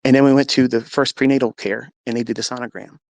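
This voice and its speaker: With a quick pace, a fairly even intonation and a slightly mellow medium-pitched voice, a man tells his faith story, and there's no room sound. He is a trading mentor giving earnest, religious testimony to an audio-chat audience, acting out things he once said.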